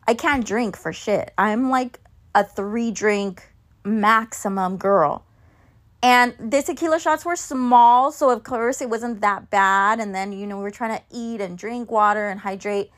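A woman telling a candid, chatty story in a casual vlog, swearing freely. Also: medium pitch. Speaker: vlogger and mom.

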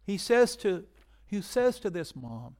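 Male pastor, sermon, conversational, swinging from forceful emphasis to hushed asides, slightly high voice. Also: sing-song, takes it slowly. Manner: conversational, swings from loud emphasis to near-whisper.

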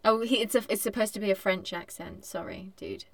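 A woman in her late twenties co-hosting a podcast, chatting casually with quick asides and frequent laughs. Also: mid-range voice, creaky, a crowd in the background. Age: late 20s. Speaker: podcast co-host. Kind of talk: casual chat.

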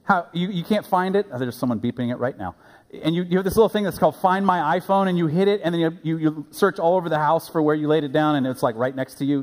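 Animated preacher in a reverberant hall. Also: male voice, fairly high pitch. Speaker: pastor. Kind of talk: sermon. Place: church sanctuary.

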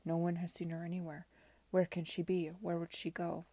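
A woman reading the part of a stern, worried gentleman who speaks curtly and gives orders. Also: fairly low pitch, completely flat delivery, moderate pace, no echo, close to an everyday voice.

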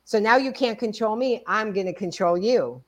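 A woman in her sixties co-hosting a podcast, telling stories in a casual, animated way. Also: mid-range voice, normal speed. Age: 60s. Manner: animated storytelling, acts out quoted dialogue. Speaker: podcast co-host. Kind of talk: casual conversation.

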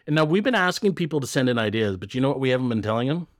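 A man's voice: mid-range voice, animated, very fast, no echo. Male podcast co-host, loose and jokey, swears, mid voice, dry close recording. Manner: joking, loose, swears freely. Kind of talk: casual chat.

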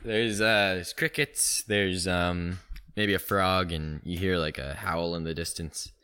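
A man's voice: deep voice, steady tone, unhurried, bright, forceful tone, smooth. A young man co-hosting a comedy podcast, rambling through a text adventure with lots of ums and trailing-off anyways. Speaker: podcast co-host running a text game. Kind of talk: casual comedic banter.

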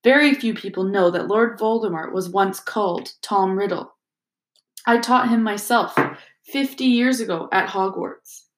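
A woman reading aloud plays a kindly old wizard headmaster with a soft, calm, gently amused way of speaking. He sounds patient and warm-hearted. The storybook recording rings with a roomy echo. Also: medium pitch, unhurried, background noise, lightly acted. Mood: gentle. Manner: gentle, calm, softly twinkling.

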